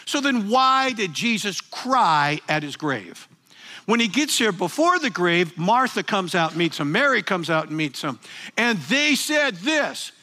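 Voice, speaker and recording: Guy preaching a sermon, high animated voice, goes quiet then loud, calls everyone guys. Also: a little slow. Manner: swings between quiet intensity and loud emphatic bursts; addresses listeners as "guys".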